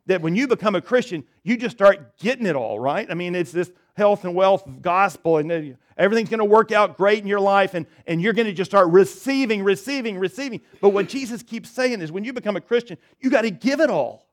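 A pastor preaching a sermon in a slightly higher-than-average male voice. He drives some points home loudly and drops others to a quiet, low murmur. The delivery is conversational but emphatic. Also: expressive, a little fast, hardly any pauses. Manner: dynamic preaching, swings from loud emphatic to soft and low.

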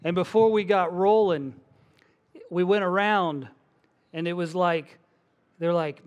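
A middle-aged man preaching a sermon as a pastor, telling stories with lively acted-out voices. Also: high voice, takes it slowly, pauses often. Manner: animated storytelling, acts out voices.

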